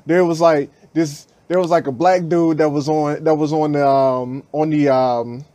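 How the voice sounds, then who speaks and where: A man's voice: fairly high pitch, moderate pace, no room sound. A man hosting a podcast, telling a story in a casual, slangy way and acting out what people said. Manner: animated, acts out quotes in raised voices, slangy. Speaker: podcast host.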